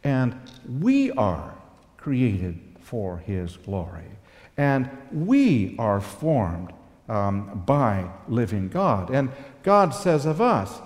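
A man's voice: mid-range voice, very animated, very slow, darkish tone, big-room sound. A man telling a personal story in a sermon-style talk, earnest and reflective, with emotional swells. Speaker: speaker giving a talk.

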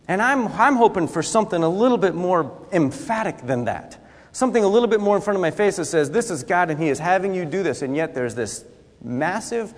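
Conversational male pastor in a reverberant hall. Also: on the high side. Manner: conversational, dramatizes scripture with acted asides. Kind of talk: sermon.

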